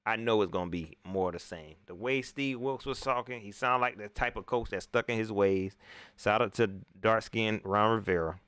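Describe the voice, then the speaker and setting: A man hosting a casual post-game livestream, slangy and animated, often repeating himself. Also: on the low side, normal speed, clear, resonant tone, dry recording, studio quality. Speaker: sports talk show host.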